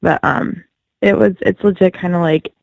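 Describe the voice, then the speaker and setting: A woman's voice: on the low side, steady tone, moderate pace, vocal fry, a little mellow, no echo, low-quality recording. A woman guest on a podcast, chatting casually, filling her speech with "like" and giggles. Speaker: guest wrestler. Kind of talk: casual phone interview.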